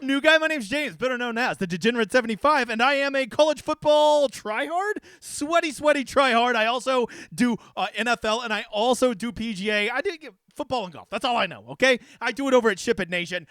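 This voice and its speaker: Brash, fast-talking man breaking down picks. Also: extremely high pitch, clear, resonant tone, no echo, clean studio sound. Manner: brash, profane and excitable. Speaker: daily fantasy sports analyst and host. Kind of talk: casual picks breakdown to camera.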